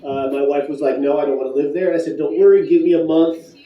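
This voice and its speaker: Man, conference talk, playful puns, fairly high voice, echoey hall. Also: level tone, quick pace, far from the mic, muffled recording. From Michigan, USA. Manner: punning, playful, chatty with the crowd. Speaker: conference speaker. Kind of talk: joking live talk to an audience.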